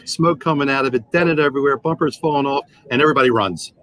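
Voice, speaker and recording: A man in his sixties, an automotive sales trainer, is a guest on a podcast interview, telling animated anecdotes and acting out the dialogue. His voice is medium-pitched and quick, and the audio quality is poor.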